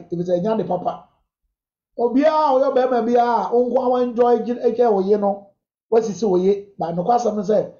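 A man's voice: very high voice, warm tone. A man, a bishop giving emphatic, preacherly counsel on marriage questions to a congregation. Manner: emphatic, preacherly, switches freely between languages. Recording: echoey, dull lo-fi sound.

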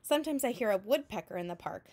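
A woman teacher reading a picture book aloud to children in a slow, clear storytelling manner, making sound effects with her voice between lines. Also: mid-range voice, animated, a little mellow. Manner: adds vocal sound effects between narration.

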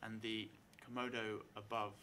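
A man's voice: lowish voice, little pitch movement, moderate pace, bright, forceful tone, slight background noise. A man narrating a tabletop game as game master before a live audience, chatty and full of fillers. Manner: hesitant, many fillers, chatty.

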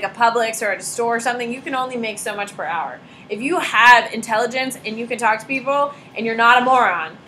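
A woman's voice: on the high side, pushed and bright, a little hiss or hum, poor audio. A young woman teacher giving a chatty classroom lecture, telling stories with sarcastic asides. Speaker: high school teacher.

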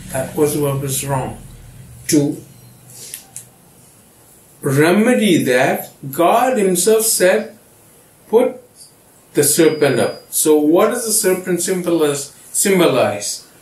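A man's voice: fairly high pitch, a little mellow. A man, the pastor, teaching a Bible study and often checking that his listeners understand. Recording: echoey room from far off.

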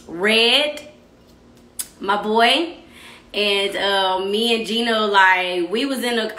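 Chatty Texan woman in an echoey room. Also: mid-range voice. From Texas. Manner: chatty, rambling, shout-outs to viewers. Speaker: singer hosting a live stream about her EP. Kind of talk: casual chat.

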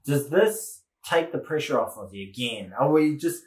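A man's voice: mid-range voice, animated, moderate pace. A man with a New Zealand accent co-hosting a rugby podcast in blokey, joking banter. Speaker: podcast co-host. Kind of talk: casual chat. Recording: echoey room.

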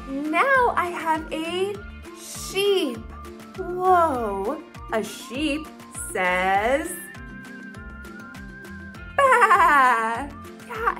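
A young woman hosting a children's learning video, talking in a slow, exaggerated, encouraging sing-song for toddlers. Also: very high voice, a bit bright. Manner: exaggerated, encouraging, drawn-out words. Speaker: children's educational video host.

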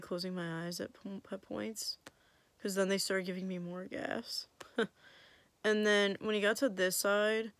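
A young woman tells a story to her camera in a loose, chatty way. She mocks herself, quotes her own thoughts aloud and laughs often. Her pitch sits in the middle. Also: a bit bright, no echo. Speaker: vlogger. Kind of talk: casual storytelling.

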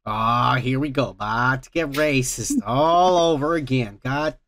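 A man co-hosting a podcast, trading crude, loud, teasing banter that breaks into high yelps and laughter. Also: a little slow. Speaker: podcast co-host.

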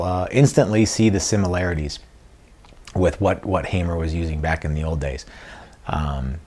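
A man hosting a casual guitar-building vlog, rambling and joking, often trailing off into low mumbled fillers and correcting himself. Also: a little mellow. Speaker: guitar builder and channel host.

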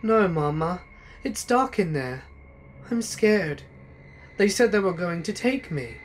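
A man's voice: expressive, slow, a little hiss or hum. A man voicing a frightened little girl who pleads with her mother, in a raised, pleading voice. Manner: high, pleading and scared.

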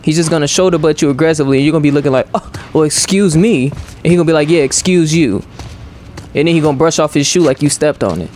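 A man's voice: on the high side, rapid-fire, few pauses, a little mellow, slight background noise. A young man doing let's play commentary as a gaming streamer, joking in profane banter with his viewers.

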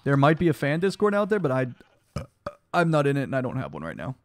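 A man's voice: mid-range voice, wildly swooping pitch, fast, dry recording. A young man streaming a block game live, chatting casually and reading his chat aloud, tired from lack of sleep. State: sleep deprived, yawning.

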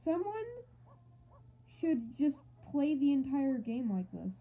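A woman's voice: sits high, expressive, slow pace. A woman doing playful, goofy gameplay commentary with mock outrage and silly asides. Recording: thin phone-like audio.

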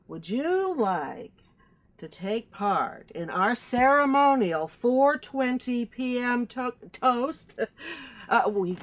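A woman's voice: fairly high pitch, fairly bright tone, heavily acted. An actress playing a dreamy, giggly hippie woman who hosts a public-access TV show, in a comic audio drama.

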